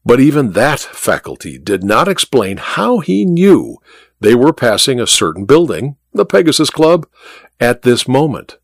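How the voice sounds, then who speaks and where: A man reading a story aloud as narrator in a measured, expressive way. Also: medium pitch, no echo, clean studio sound. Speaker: audiobook narrator.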